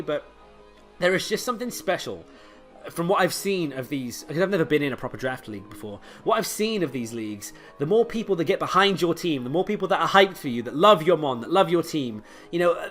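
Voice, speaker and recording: A young man co-hosting in a casual, excitable, jokey chat. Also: on the high side. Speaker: co-host of a game league channel.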